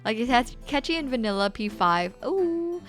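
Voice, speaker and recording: Giggly young girl streamer chatting with chat, bright high voice. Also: moderate pace, faint music behind. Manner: excitable, giggly. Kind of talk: casual game stream chat.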